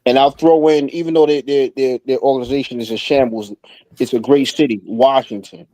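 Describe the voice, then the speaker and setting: Mellow man reasoning through a debate. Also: mid-range voice, steady tone, fairly quick, no echo. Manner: reasoning, asks rhetorical questions. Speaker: podcast co-host. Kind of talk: casual sports debate.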